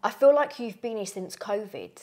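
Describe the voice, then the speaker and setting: A woman's voice: mid-range voice, lively intonation, moderate pace, dark tone. A woman with a London accent co-hosting a podcast, chatty and reflective in talk. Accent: London English. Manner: chatty, reflective, says "literally" often. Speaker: podcast co-host, aesthetics trainer. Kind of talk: casual chat.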